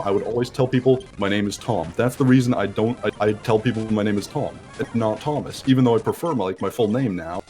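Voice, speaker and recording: A man's voice: mid-range voice, fast, few pauses. Young male host, casual rambly chat, lots of likes and acted-out quotes, faint music under it. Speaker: let's play host. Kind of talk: casual chat over a voice call.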